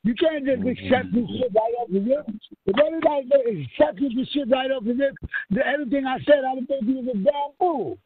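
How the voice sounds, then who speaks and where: High-voiced man preaching, profane and fiery. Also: fairly quick. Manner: fiery, profane, quizzes listeners with rhetorical questions. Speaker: spiritual leader. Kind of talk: profane call-and-response sermon. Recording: tinny lo-fi line with faint hiss.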